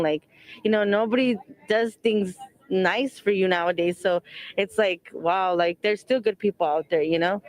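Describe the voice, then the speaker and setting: A woman's voice: medium pitch, steady tone, normal speed, poor audio. A woman who is a mother and a wildfire evacuee, answering interview questions in a rambling, earnest way, full of "like" and "you know", and speaking openly about her faith. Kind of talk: emotional on-the-spot interview answers. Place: outdoors at a donation site.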